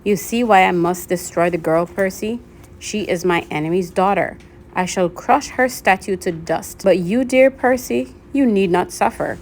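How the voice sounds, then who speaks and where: A woman's voice: fairly low pitch, moderate pace, a little mellow, slight background noise, lightly acted. Woman voicing purring Medusa. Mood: soothing. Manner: purring, soothing, coaxing. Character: sly female monster posing as old woman.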